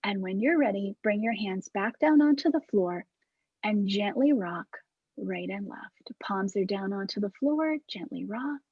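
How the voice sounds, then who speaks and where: A woman instructor calmly guiding a movement class over a video call, demonstrating breaths. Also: mid-range voice, normal speed, few pauses, no room sound, dull audio. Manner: calm, soft-spoken cueing with breathy demonstrations.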